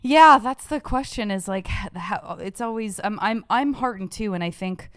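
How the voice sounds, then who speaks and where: Woman podcast host, gushing and self-deprecating, laughs a lot, smooth clear voice, dry close sound. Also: medium pitch, animated, moderate pace, fairly bright tone, dry recording. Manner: bubbly, effusive, self-deprecating, laughs often. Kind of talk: casual podcast chat.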